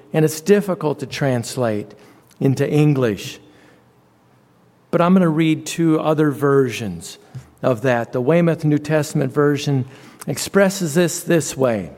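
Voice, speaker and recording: A man preaching a sermon, slow and deliberate, leaning on repeated phrases for emphasis. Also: fairly high pitch, a little mellow. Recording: long reverb.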